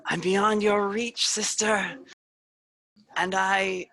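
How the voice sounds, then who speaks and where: A woman voicing a taunting female demon speaking from a reflection in water, slow and menacing. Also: medium pitch, steady tone, fairly bright tone, pitched above the performer's own voice.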